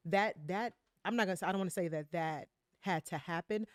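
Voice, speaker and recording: A woman's voice: fairly low pitch, fairly quick, no room sound, studio quality. A woman in a candid conversational interview, speaking reflectively with many fillers and tag questions.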